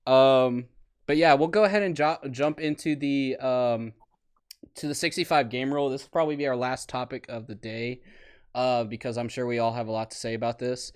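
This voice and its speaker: A man's voice: mid-range voice, fairly even intonation, brisk, smooth. A young man hosting a casual podcast chat, chatty and prone to tangents, laughing at his own stories. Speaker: podcast host.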